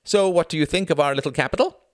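A man's voice: on the high side, fast, clean tone, no echo, studio quality, voice pushed up, natural voice. A man voicing a thin, cynical and jittery woman at a party, in a raised, brittle and affected voice.

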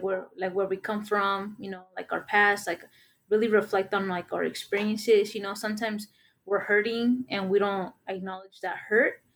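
A woman who teaches middle school math, telling a story in casual conversation, with lots of filler words and Spanish words mixed into her English. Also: mid-range voice. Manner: rambling, many fillers, mixes in Spanish words.

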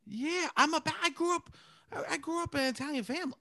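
A man's voice: very high voice, quick pace, sharp tone, no echo. A man with a thick New York accent, hosting a playful, self-mocking casual chat. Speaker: host.

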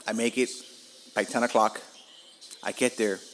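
A man's voice: fairly low pitch, measured pace. A man hosting his own podcast from home, telling stories casually and animatedly with plenty of swearing. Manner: animated, profane, laughs at himself. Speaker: podcast host.

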